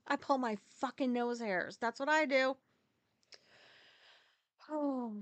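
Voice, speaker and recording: A woman's voice: on the high side, fairly bright tone, clear, resonant tone, no room sound. A woman telling a personal story in a casual, rambling, candid way, swearing freely and using many fillers. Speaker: podcast host.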